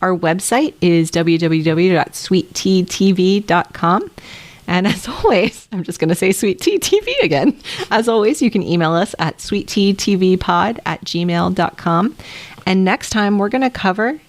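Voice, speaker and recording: A woman's voice: mid-range voice, animated, moderate pace. A woman co-hosting a podcast in casual, easygoing chat who laughs along with her co-host.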